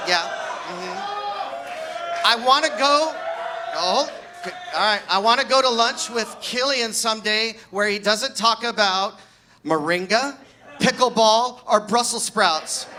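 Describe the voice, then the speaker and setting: A man's voice: very high voice, sharp tone. A man in his sixties doing a self-deprecating stand-up set at his own birthday party, teasing friends in the audience. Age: 60s. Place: party venue with a live audience.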